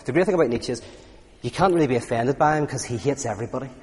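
A man's voice: medium pitch, rapid-fire. Guy chatting through a talk, lots of ums and restarts, long hall echo. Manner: conversational, anecdotal, frequent fillers and restarts. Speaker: speaker. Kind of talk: public talk on philosophy and faith. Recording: reverberant hall.

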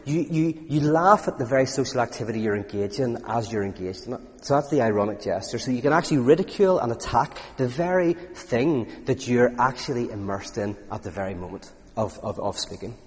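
A man's voice: mid-range voice, lively intonation, a little fast, hardly any pauses. A man giving a conversational talk on philosophy and faith, full of anecdotes, fillers and restarts. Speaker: speaker. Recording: reverberant hall.

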